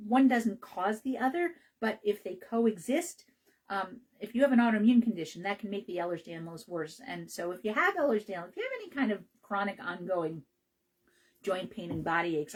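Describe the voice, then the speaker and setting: A woman hosts a health radio show and talks loosely about natural treatment, full of ums and restarts. Her voice is slightly husky, and her pitch sits in the middle. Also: low-quality recording. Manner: chatty, rambling with fillers and restarts. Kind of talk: casual health talk.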